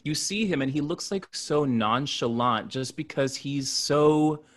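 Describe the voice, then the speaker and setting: A man's voice: fairly high pitch, measured pace, fairly bright tone. A man co-hosting a podcast, casually retelling a horror film in loose, profane bursts. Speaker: podcast co-host.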